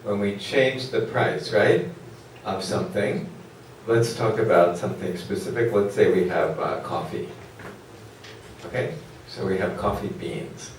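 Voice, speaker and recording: A lower-voiced man lecturing a class in a big echoey hall, picked up from far off. He rambles loosely and keeps questioning the students, with plenty of fillers. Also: measured pace, a little hiss or hum. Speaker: economics lecturer.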